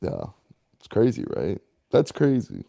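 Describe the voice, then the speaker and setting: A man with a low, gravelly, mellow voice co-hosts a relaxed movie chat. He is chatty and laughs easily, defending himself with good humor. The recording is dry and close. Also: unhurried, dry recording. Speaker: podcast co-host. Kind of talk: casual movie-review chat.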